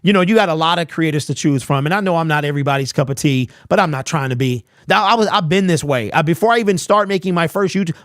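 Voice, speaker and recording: A man's voice: high-pitched, no room sound, studio quality. A young man hosting a live sports talk stream, ranting bluntly, reading chat messages aloud and firing off rhetorical questions. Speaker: host.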